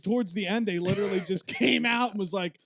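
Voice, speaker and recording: Male podcast co-host, bright and high-pitched, animated anecdote teller. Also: fast, gravelly, crowd noise. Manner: animated, laughs through his stories. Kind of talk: casual chat, storytelling.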